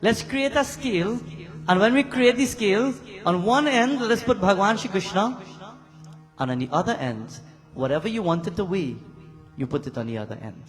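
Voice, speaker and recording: Guy doing a calm god-king explaining a plan, echoey hall, keyboard behind. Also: sits high. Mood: deliberate. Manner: deliberate, proposing. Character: thoughtful male king of gods. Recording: reverberant hall with keyboard music.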